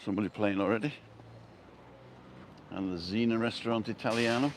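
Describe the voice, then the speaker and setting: A man's voice: fairly low pitch, fairly quick, a little hiss or hum. An Englishman giving a casual, jokey walking tour outdoors, chatting about the shops he passes. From England. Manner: chatty, jokey, chuckles at his own quips. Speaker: vlogger. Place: outdoors on a street.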